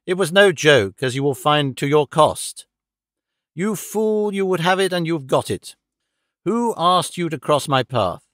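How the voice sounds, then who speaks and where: A man's voice: fairly high pitch, animated, measured pace, a bit bright, dry recording, studio quality. A man voicing a cold, gloating middle-aged male villain who mocks and menaces his dying victim. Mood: menacing. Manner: sneering, menacing, mocking.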